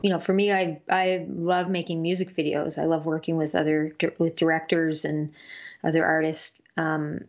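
A woman's voice: sits low, little pitch movement, normal speed, muffled recording. A woman musician being interviewed, talking casually and hesitantly with many fillers and restarts. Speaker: musician guest.

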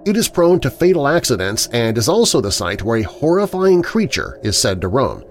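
A male narrator delivering scripted documentary narration with an animated, rising-and-falling pitch in a middle register. His delivery is measured and dramatic, like someone reading a spooky story aloud. Faint background noise sits under the voice.

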